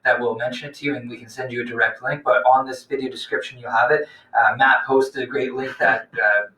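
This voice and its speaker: A man co-hosts a live business webcast in an earnest, steady voice. His tone is bright, and he sits away from the mic, so the sound comes through with room echo. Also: mid-range voice, a little fast, recorded from a distance. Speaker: co-host.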